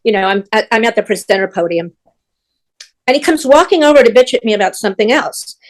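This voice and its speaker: Speaking fast in a slightly high voice, this older guest shares stories from her work as a stage manager. It's casual chat, and she gets animated, performing other people's lines as she goes.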